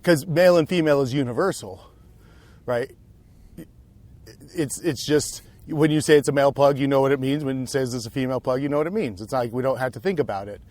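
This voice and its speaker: A man's voice: mid-range voice, fairly quick, darkish tone. Rambling man chatting on a hike. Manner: rambling, musing aloud. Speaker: podcast co-host. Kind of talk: casual chat while hiking. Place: outdoor mountain trail.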